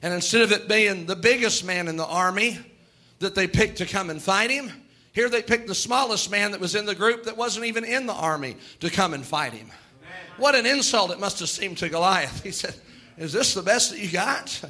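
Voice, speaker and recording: A man preaching a sermon in a church, impassioned and building to shouts, acting out the voices in his story. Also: high voice, fairly quick. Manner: plays out quoted voices in his telling.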